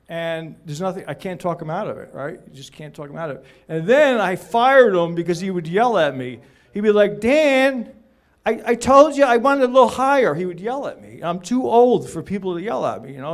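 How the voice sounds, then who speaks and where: Chatty middle-aged man telling shop stories. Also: sits high. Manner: chatty, anecdotal, jokey. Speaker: real estate videographer presenting. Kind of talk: casual talk at a group meeting.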